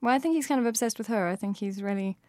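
A woman's voice: a little high, fast, darkish tone, dry recording, studio quality. A woman author with a South African accent, talking thoughtfully in an interview with frequent fillers and restarts.

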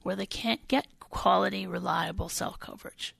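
A woman state senator explains policy on a radio interview, earnest and deliberate. Her voice is gravelly and somewhat husky. The sound is close and dry. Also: mid-range voice, a bit bright, no room sound. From Wisconsin.

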